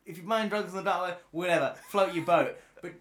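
A man hosting a casual podcast chat, rambling and emphatic, getting loud on his key points. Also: high voice, quick pace. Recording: roomy echo.

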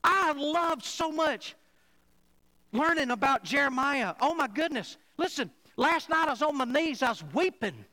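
A man preaching a sermon to a church, emphatic, swinging between loud and quiet passages. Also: very high-pitched, lively intonation, measured pace, poor audio. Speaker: pastor.

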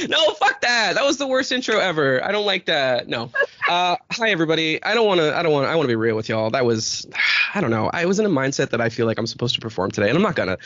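A man's voice: on the high side, very animated, a little fast, sharp tone, no echo, highs cut off. A man in his thirties hosting a podcast, talking in a rambling, candid way with lots of fillers and casual swearing. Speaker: podcast host. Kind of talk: casual chat.

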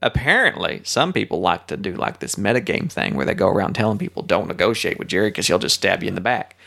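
A man's voice: deep voice, very animated, fast, vocal fry, a bit bright. A man co-hosting a podcast, chatting casually and rambling through jokes with frequent laughter. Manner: joking, rambling, often laughing. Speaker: podcast co-host. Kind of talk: casual chat.

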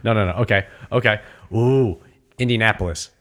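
A man co-hosting a podcast in casual chat, quick and teasing, swearing casually. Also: lowish voice, fairly bright tone. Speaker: podcast co-host.

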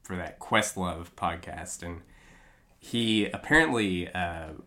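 A man's voice: low-pitched, slow, pushed and bright. A man co-hosting a movie podcast, chatting casually with many fillers and frequent agreement. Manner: laid-back, lots of "yeah" and "uh" fillers. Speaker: podcast co-host.

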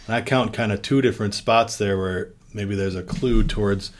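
A man with a very low voice leads a church devotion. He reads the passage with lifting emphasis, then talks it through in a loose, conversational way with small fillers. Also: steady tone, normal speed, slight background noise. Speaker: vicar leading a devotion. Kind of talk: Bible reading and devotional discussion.

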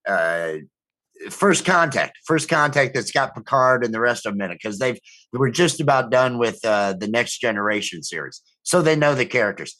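Middle-aged guy on a podcast, rambles and swears a lot, lots of stop-start, regular pitch. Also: expressive, moderate pace, sharp tone. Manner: rambling, profane storytelling with frequent restarts. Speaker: podcast co-host. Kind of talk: casual chat.

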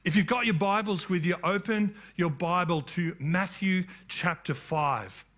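Male pastor, high and bright, preaches with emphatic rising declarations. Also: a little slow. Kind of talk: sermon.

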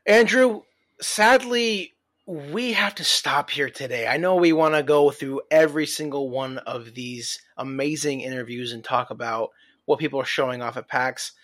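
A man's voice: medium pitch, moderate pace, fairly bright tone. A man hosting a podcast, asking convention exhibitors upbeat questions and chatting with his co-host. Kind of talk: podcast interview and chat.

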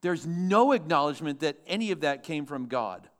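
A man's voice: fairly high pitch, animated, moderate pace, a bit bright. A man pastor preaching a sermon to his church, emphatic and asking the congregation questions.

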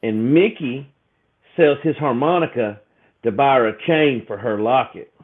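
A man's voice: medium pitch, measured pace. A man talks casually on a podcast, emotional and rambling, full of restarts and fillers. His voice comes through thin and tinny, like a phone line. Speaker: podcast co-host. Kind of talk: casual chat.

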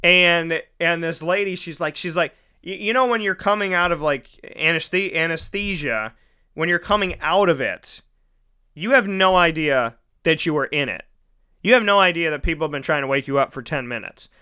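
A man's voice: on the high side, animated, moderate pace, bright, forceful tone, clear, resonant tone. A young man hosting a casual monologue, rambling through personal stories and acting out the people in them. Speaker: podcast host.

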